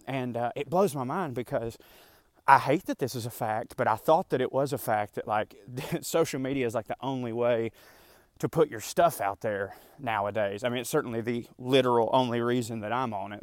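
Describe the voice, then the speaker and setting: A man's voice: mid-range voice, clear, resonant tone, no echo, clean studio sound. A man hosting a podcast, ranting casually while running in a park, slightly out of breath, rambling with plenty of fillers and asides. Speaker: podcast host. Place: outdoors in a park, jogging.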